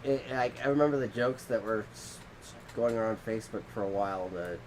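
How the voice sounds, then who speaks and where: A man co-hosting a casual podcast, telling rambling stories with a minor head cold and acting out quotes in squeaky voices. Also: a little fast, slight background noise. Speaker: podcast co-host. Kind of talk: casual chat.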